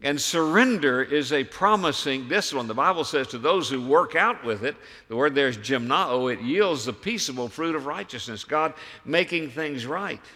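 A man preaching a sermon as a pastor, emphatic, firing rhetorical questions and swinging from hushed to loud. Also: fairly high pitch, big-room sound. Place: church sanctuary.

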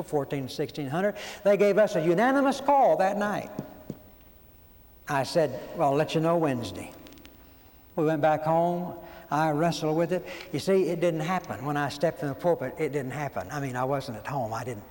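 Folksy preacher in a big hall. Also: male voice, on the high side. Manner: folksy, animated storytelling with quoted voices. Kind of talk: storytelling sermon. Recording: long hall reverb, faint background noise.

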